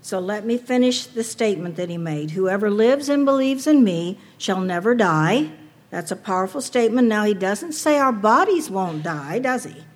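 A woman's voice: medium pitch, lively intonation, moderate pace. A woman preaching a sermon to a women's audience, earnest and personal, asking rhetorical questions.

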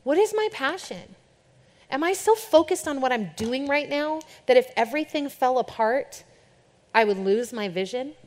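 A woman's voice: high voice, animated, moderate pace, a little mellow. A young adult woman, a worship leader, giving a candid, informal talk to a church group. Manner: chatty and candid, shifts into playful quoted voices. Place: church or event hall with an audience. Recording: long hall reverb.

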